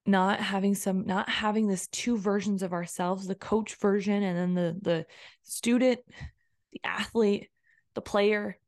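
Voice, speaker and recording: A woman's voice: mid-range voice, steady tone, unhurried, darkish tone, no echo, studio quality. A woman coach talking casually on her own podcast, rambling and repeating phrases as she quotes her own self-talk. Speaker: personal development coach and podcaster. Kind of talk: casual solo podcast monologue.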